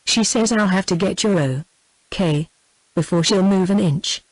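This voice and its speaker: A synthetic woman's voice with a British English accent reads a novel aloud in an even machine delivery, sometimes speaking the word "comma". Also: mid-range voice, measured pace, no room sound, low-quality recording. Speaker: audiobook narrator. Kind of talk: synthetic text-to-speech book reading.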